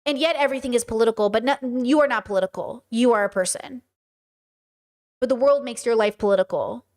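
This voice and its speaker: High-voiced blunt woman commentator. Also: darkish tone. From Southern California. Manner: blunt, rapid, swearing rants. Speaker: podcast host. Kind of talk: casual commentary.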